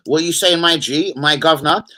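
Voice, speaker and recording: A man's voice: on the high side, brisk, sharp tone. A man hosting a football live stream, rambling casually, swearing and bantering with his viewers.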